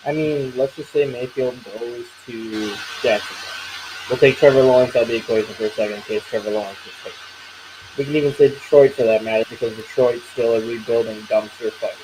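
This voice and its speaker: A man on a sports talk panel, calmly laying out his argument step by step. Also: medium pitch. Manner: measured, lays out scenarios step by step. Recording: noisy background.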